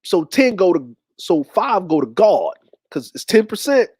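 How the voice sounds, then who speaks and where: A woman's voice: on the low side, big pitch swings, measured pace, darkish tone, breathy edge, no room sound, heavily acted. A man voicing a firm, practical mother who explains matter-of-factly where money goes. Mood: instructive. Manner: patient, matter-of-fact instruction.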